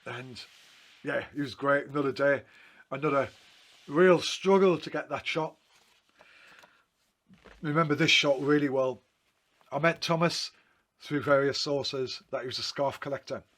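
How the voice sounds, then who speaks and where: A man's voice: medium pitch, unhurried, long pauses, a bit bright. Chatty man rambling through photo stories. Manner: rambling, self-correcting, chatty. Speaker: photographer talking through his photo book. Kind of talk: casual anecdotal storytelling.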